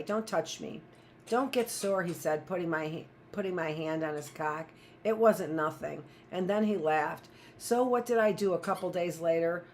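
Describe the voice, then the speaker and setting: A woman's voice: fairly low pitch, a little hiss or hum. A woman teacher reading a novel aloud in a plain, first-person storytelling voice.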